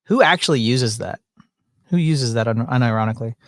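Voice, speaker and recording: A man talks casually to his viewers from home, joking and wandering between topics in a folksy manner. His pitch sits in an ordinary middle range. The room sound is dry, with the mic close. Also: lively intonation, a little fast, no room sound. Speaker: livestream host. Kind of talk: casual livestream chat. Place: at home, indoors. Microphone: desk mic through mixer with headphones.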